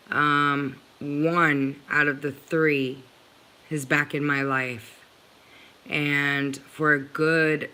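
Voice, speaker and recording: A woman's voice: low voice, pushed and bright. A middle-aged woman speaking earnestly to her viewers about her own experience, close to tears at times. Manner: earnest, repeatedly addressing viewers as guys. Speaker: vlogger sharing personal experience. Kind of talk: emotional personal talk to camera.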